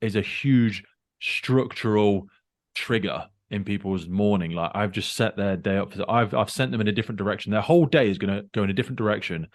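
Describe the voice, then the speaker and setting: A man's voice: lowish voice, brisk, dry recording, studio quality. A man hosting a podcast, talking in an emphatic, earnest way as he stresses a point. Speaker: podcast host. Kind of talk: conversational interview.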